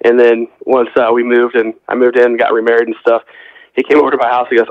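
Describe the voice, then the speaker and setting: A man's voice: medium pitch, flat delivery, fast, a little hiss or hum. Rambling middle-aged man telling stories. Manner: rambling storyteller, quotes others in conversation. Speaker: podcast guest. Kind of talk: casual chat. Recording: dull lo-fi podcast audio.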